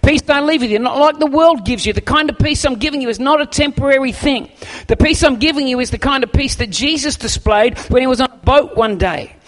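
A middle-aged pastor preaching a sermon, animated and acting out quotes, often restarting his words. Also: very high voice, brisk. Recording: long hall reverb.

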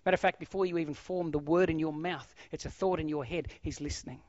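A middle-aged man preaching a sermon, swinging from loud exclamations to hushed, almost whispered lines. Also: on the high side, fairly even intonation, quick pace, dry recording. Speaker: pastor. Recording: dull, dry lo-fi sound.

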